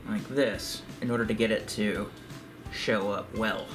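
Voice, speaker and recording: A man giving a calm, step-by-step craft tutorial for a library. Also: on the low side, unhurried, music in the background.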